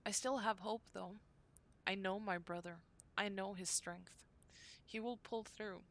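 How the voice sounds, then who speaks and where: A woman reading aloud the diary entries of a young woman devoted to her brother, in an earnest, unhurried way. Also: mid-range voice, steady tone, close to an everyday voice. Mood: anxious.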